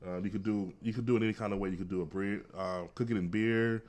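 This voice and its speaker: A man's voice: on the low side, fairly even intonation, fast, a little mellow. A man co-hosting a casual food podcast, easygoing and rambling, with lots of fillers. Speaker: podcast co-host.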